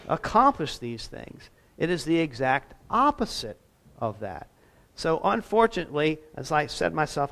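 Higher-voiced man preaching a sermon. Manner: conversational, self-deprecating asides. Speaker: pastor.

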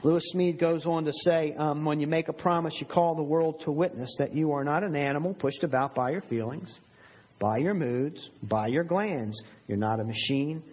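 A man's voice: fairly high pitch, moderate pace, breathy edge, highs cut off. A male pastor preaching a sermon in an earnest, emphatic way, with many rhetorical questions.

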